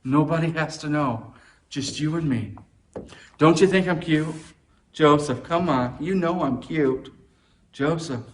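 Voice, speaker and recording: Guy putting on a high giggly flirty lady voice, coy and teasing. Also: unhurried, pauses often, slight background noise, natural voice.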